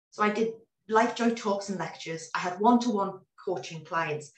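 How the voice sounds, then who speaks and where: A woman in her forties talks through her story in a casual interview, animated and full of restarts. Her voice sits in a roomy, echoey space. She is a little far from the microphone, as on a video call. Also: mid-range voice, normal speed. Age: 40s. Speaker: guest.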